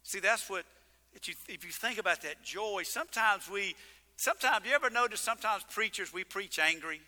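A man preaching a sermon as pastor, animated and exclaiming, joking with his congregation. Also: high voice, fairly quick. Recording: long reverb of a large hall.

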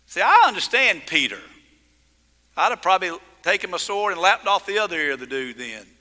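A male pastor preaching a sermon with emphasis, swinging from loud declarations to hushed lines. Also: high voice, big pitch swings, fairly quick, in a large hall.

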